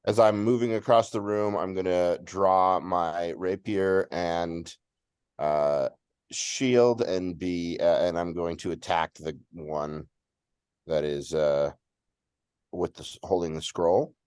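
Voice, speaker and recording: A man's voice: low-pitched, fairly even intonation, slow, a little mellow, clear, resonant tone, no echo, clean studio sound. A man playing a tabletop game, stating his moves in a matter-of-fact way. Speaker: player.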